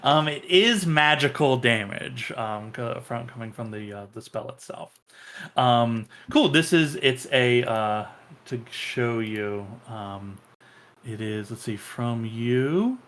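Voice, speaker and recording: A man running a tabletop game as game master, talking haltingly with many fillers. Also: medium pitch, fairly bright tone. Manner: halting, many ums and uhs.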